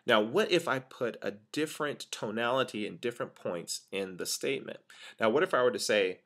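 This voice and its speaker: A middle-aged man giving a casual, animated training talk on communication, acting out stressed words to show how tone changes meaning. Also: mid-range voice, a little fast.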